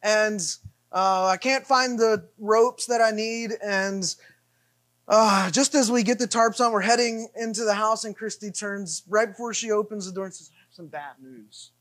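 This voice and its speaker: Animated man telling a sermon story. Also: high voice, a little slow. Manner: animated, self-deprecating anecdote with repeated refrains. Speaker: pastor.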